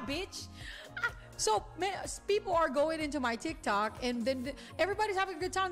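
A woman streaming a fighting game live, talking to her chat in an excitable, profane, trash-talking way. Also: sits high. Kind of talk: live gameplay stream commentary. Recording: game music audible behind.

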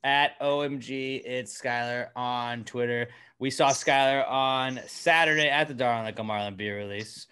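Man, podcast co-host, bright crisp voice, relaxed question-reading. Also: mid-range voice, moderate pace, few pauses. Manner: laid-back, reads listener questions aloud. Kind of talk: casual podcast chat.

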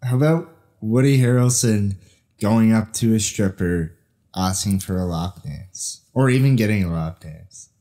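A man's voice: lowish voice, a little slow, mellow. A man co-hosting a podcast in casual comedy chat, joking and swearing freely. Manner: joking, profane, laughs often. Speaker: podcast co-host.

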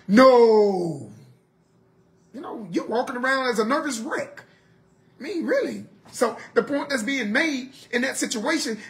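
A very high-pitched man preaches at an evening Bible study, asking his listeners rhetorical questions and alternating loud exhortation with quiet asides.

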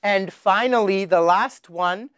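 A man teaching children their letters, slowly sounding out each one with exaggerated emphasis. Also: sits high, fairly bright tone, smooth, dry recording, clean studio sound. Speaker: English teacher. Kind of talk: children's phonics lesson.

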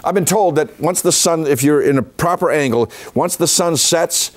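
A man's voice: on the high side, normal speed. A man giving an illustrated history talk as a folklorist, reciting dates and figures steadily with chatty asides to the audience. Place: senior center meeting room.

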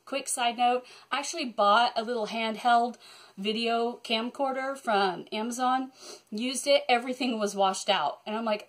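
A woman chatting excitedly to camera about her cross-stitch projects, rambling with many asides. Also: a little high, moderate pace. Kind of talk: casual chat to camera. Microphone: phone camera.

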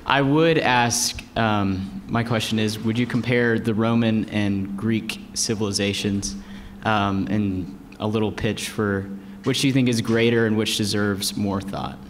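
Hesitant young male student, low voice. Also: steady tone, unhurried, a little hiss or hum. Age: young adult. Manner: hesitant, with many ums. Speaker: student asking a question.

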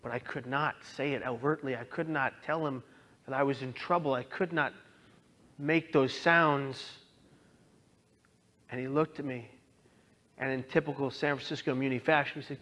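A young man earnestly telling his own story as a talk, moving from quiet to impassioned. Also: mid-range voice, steady tone, normal speed, long pauses. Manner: earnest, swings from hushed to impassioned. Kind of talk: personal testimony talk.

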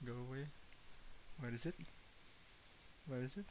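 A man's voice: mid-range voice, sing-song, normal speed, pauses often, darkish tone, a little hiss or hum, poor audio. A man with an Indonesian accent playing a horror game, jumpy and nervous, repeating himself in panic and laughing it off. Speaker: gaming YouTuber. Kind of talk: horror game let's-play.

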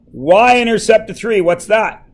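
Joking math teacher in a classroom. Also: male voice, sits high, a little slow. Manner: joking, teasing students.

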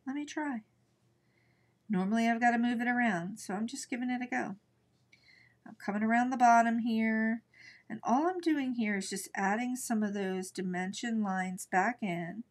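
A woman's voice: on the high side, moderate pace. Chatty woman teaching watercolor live. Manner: chatty, thinks aloud while working. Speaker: art instructor. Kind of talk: live painting tutorial.

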